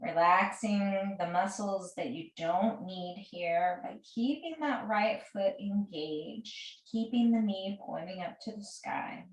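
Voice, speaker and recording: A woman leads a restorative yoga class at an unhurried pace, her gentle, soothing cues drifting through slow breath counts. Her voice sits a little back from the mic, and the room adds a roomy echo. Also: medium pitch, recorded from a distance. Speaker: yoga teacher.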